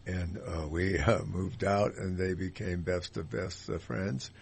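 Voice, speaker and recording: A man's voice: low-pitched, measured pace, vocal fry, a little hiss or hum. An older man hosting a talk radio show, telling rambling anecdotes in a casual, friendly way with lots of fillers.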